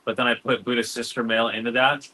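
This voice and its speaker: A man's voice: mid-range voice, flat delivery, quick pace, sharp tone, slight background noise, low-quality recording. A man in casual chat telling loose stories, full of surfer slang and "dude.". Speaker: cannabis grower, guest.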